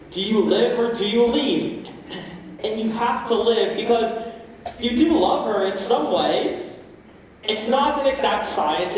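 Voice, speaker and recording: A woman's voice: fairly high pitch, lightly acted. A woman playing a lonely middle-aged male theater fan who confides in the audience, in an amateur stage musical, recorded from far off in a roomy hall. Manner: confiding, wistful, talks straight to the audience.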